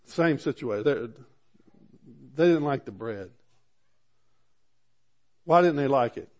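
A man's voice: a little high, unhurried, pauses often. A middle-aged man preaching a sermon, reading scripture aloud, asking the congregation questions, and often stammering and restarting.

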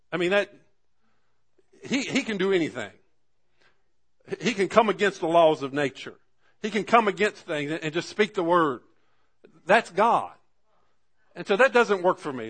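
Casting note: man in his 40s, pastor, fairly high voice, folksy sermon storyteller. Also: a bit bright, slightly rough. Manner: folksy storytelling with frequent restarts and call-and-response "amen".

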